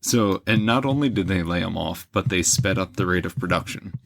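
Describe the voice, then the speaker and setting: Low-voiced man rambling through history. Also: brisk, creaky, a bit bright, dry recording. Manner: rambling, many fillers and restarts. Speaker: podcast host explaining history. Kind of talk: casual history podcast chat.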